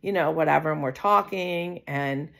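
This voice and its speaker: A woman's voice: low voice, moderate pace, creaky, a bit bright. A middle-aged woman vlogging, telling a personal story in a rambling, casual way with lots of fillers and asides.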